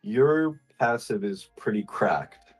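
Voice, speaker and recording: A man's voice: lowish voice, expressive, takes it slowly, breathy edge, soft background music. A man narrating a tabletop role-playing game as game master, hesitant and full of fillers.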